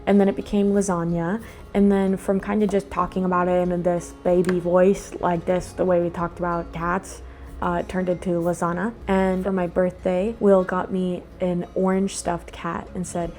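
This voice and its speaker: A young woman hosting a relaxed craft vlog, chatting casually and rambling into sudden asides to herself. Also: fairly low pitch, normal speed. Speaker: host. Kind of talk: casual chat while doing a craft.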